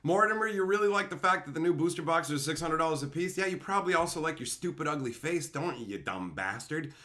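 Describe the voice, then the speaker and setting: Male streamer, profane mock-ranting, lively and bright. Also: on the high side, fast talker. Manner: profane, mock-insulting, laughing. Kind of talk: live-stream rant to chat.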